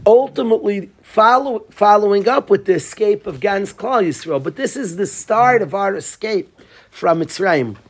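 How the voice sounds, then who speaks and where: A man's voice: high voice, animated, normal speed, slightly rough. A man teaching a Torah class, telling a story and quizzing his students by name.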